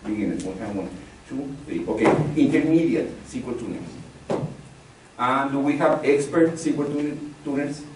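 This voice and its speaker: A man's voice: medium pitch, normal speed. A man leading a live technical training session, talking conversationally, repeating key phrases and polling the audience. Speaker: instructor. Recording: very echoey room from far off, faint noise.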